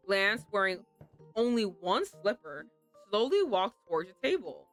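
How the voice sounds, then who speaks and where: A woman streaming a game, reacting with animated, dramatic commentary and reading the lines aloud. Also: medium pitch, measured pace, faint music behind. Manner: animated, laughing, dramatic outbursts. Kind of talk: game playthrough with commentary and read-aloud translation.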